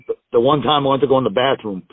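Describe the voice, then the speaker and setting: A man's voice: medium pitch, very fast, no room sound. Male guest, rambling storyteller who swears freely and acts out others' lines, heard through a tinny, dry phone line. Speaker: wrestling guest telling road stories. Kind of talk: casual storytelling interview.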